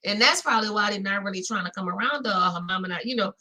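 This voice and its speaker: A woman's voice: medium pitch, racing, bright, forceful tone. A woman with a Louisiana accent hosting a casual recap chat, talking straight to her viewers. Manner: chatty, talks straight to viewers with "y'all". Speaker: host.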